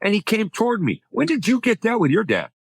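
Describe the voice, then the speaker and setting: Man, comedian guest, lively up-and-down delivery, slightly higher voice, dry close sound. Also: fast, gravelly, breathy edge, dry recording. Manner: acts out voices in his anecdotes, punchline-driven; frequent self-repeating restarts. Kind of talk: animated conversational storytelling.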